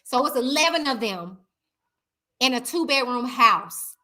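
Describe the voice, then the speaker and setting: A woman whose voice is a little high and a little slow chats her way through a casual live stream, reading out viewers' comments. She talks directly to them in an animated, chatty way, addressing them as "y'all."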